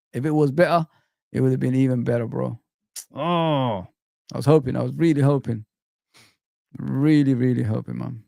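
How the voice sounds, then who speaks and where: Brief: male livestream host, raspy edge, slightly high voice, animated chat with viewers. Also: no echo, clean studio sound. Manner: animated, chatty, greets viewers by name. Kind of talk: casual live-chat commentary.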